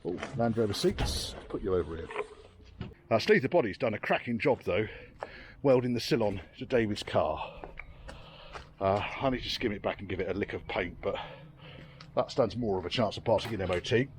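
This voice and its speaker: A man's voice: on the low side, lively intonation, moderate pace, pauses often, background noise. A tired, rain-soaked man talking casually as he works on old vehicles outdoors, muttering, swearing freely and making dry asides. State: tired and soaking wet. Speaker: classic car restorer vlogger.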